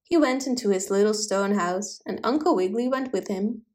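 A woman reading a children's bedtime story aloud, gentle and expressive. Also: medium pitch, normal speed.

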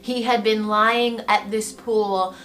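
Slow-speaking woman teaching scripture. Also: medium pitch. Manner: reflective, gently expressive. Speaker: Bible teacher. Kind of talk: devotional Bible teaching. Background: soft guitar music.

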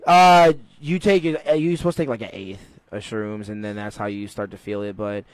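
A man's voice: on the low side, normal speed, no room sound, poor audio. Male podcast host, playful and teasing, dry close sound. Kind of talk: casual chat.

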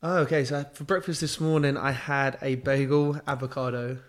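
A man, a guest telling stories in a friendly, relaxed way. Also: medium pitch, normal speed. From West London, England. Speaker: guest, former footballer. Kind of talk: casual chat interview.

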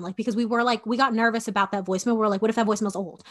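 A woman's voice: a little high, steady tone, rapid-fire. A woman in her twenties recounting a personal story in casual podcast talk, with lots of "like" and fillers, acting out what people said. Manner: conversational, frequent "like" and fillers, acts out quoted dialogue.

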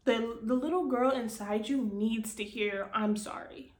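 A woman's voice: on the high side, a little slow, darkish tone, reverberant. A woman hosting a podcast, talking frankly and earnestly to camera, swearing freely and repeating phrases for emphasis. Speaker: podcast host. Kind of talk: casual motivational talk. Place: indoors, speaking to camera.

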